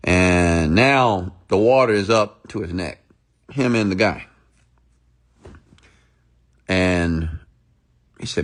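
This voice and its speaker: A man's voice: sits low, slow, long pauses. A man telling a motivational story in a rambling, emphatic, repetitive way. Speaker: motivational speaker.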